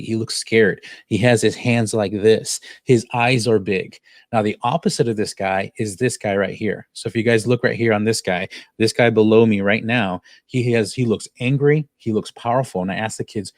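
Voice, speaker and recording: Lively low-voiced male teacher. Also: no echo, studio quality. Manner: lively, conversational, points things out. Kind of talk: online teacher demo.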